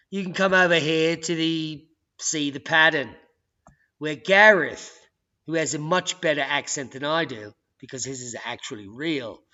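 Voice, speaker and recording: A man hosting his own video channel, talking in an excitable, jokey way that swings from loud outbursts to hushed asides. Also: fairly high pitch. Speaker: channel host. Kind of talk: casual video commentary. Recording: dull lo-fi sound.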